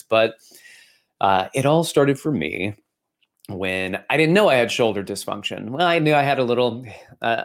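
Animated male fitness podcast host. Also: medium pitch. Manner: animated, storytelling, conversational with fillers. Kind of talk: educational podcast talk.

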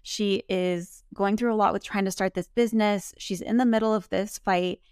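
A woman with a gravelly edge in her mid-pitched voice, chatting as a podcast co-host. She retells scenes animatedly, slipping into quoted lines. The sound is dry and close. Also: steady tone, moderate pace, darkish tone, no room sound. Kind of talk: casual recap chat.

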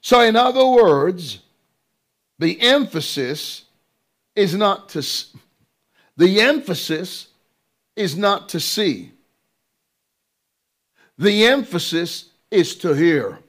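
A man's voice: sits high, big pitch swings, takes it slowly, pauses often, a bit bright. A man preaching a sermon, emphatic and drawn out, repeating phrases and throwing rhetorical questions to his listeners.

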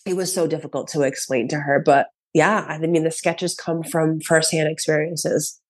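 A woman's voice: deep voice, steady tone, normal speed. A comedian in her thirties, a woman, telling casual stories as a podcast guest, acting out quotes and laughing often. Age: 30s. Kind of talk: casual storytelling chat.

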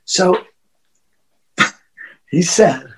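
A man's voice: very slow, rough recording. A Dutch man with a Dutch accent, a wrestler guesting on a podcast, telling a rowdy, profane story with frequent laughs and restarts. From Netherlands. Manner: laughing often, restarting words, loose and profane. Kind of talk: casual storytelling.

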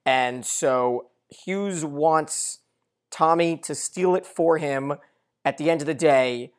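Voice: medium pitch, slow pace, clean tone. A podcast co-host in a casual TV recap, explaining plot points at length in long run-on sentences and arguing their view.

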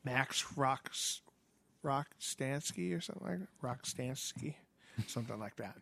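Dude hosting a home podcast, casual chat, cusses constantly, lots of laughing. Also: male voice, mid-range voice, lively intonation, measured pace, creaky, sharp tone, no room sound. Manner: swears often, laughs a lot. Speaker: podcast co-host. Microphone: headphones and studio mic.

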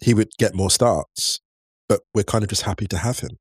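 A man's voice: lowish voice, a little fast, husky, no echo, clean studio sound. A young man co-hosting a podcast, chatting casually and reading out listener messages, laughing easily. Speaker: podcast co-host.

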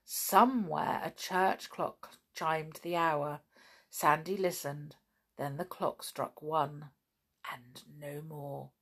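A woman reading a children's story aloud with gentle, expressive delivery. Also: deep voice, slow pace, breathy edge.

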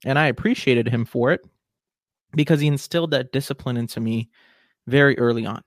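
A man's voice: mid-range voice, brisk, no room sound, clean studio sound. A man in his twenties hosting a solo podcast, talking casually and with strong opinions. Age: 20s. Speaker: podcast host.

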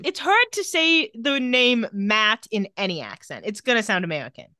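A woman's voice: a little high, normal speed, no room sound, clean studio sound. A woman co-hosting a podcast, chatting casually as she recaps a TV episode and acts out the lines in put-on voices. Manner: animated, quotes characters in put-on voices. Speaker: podcast co-host.

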